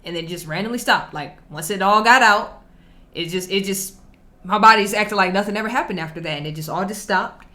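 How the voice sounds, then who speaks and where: Woman doing a reaction vid, laid back and slangy, bright forward voice, regular pitch. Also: fairly quick. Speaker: reaction video host. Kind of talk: casual reaction commentary.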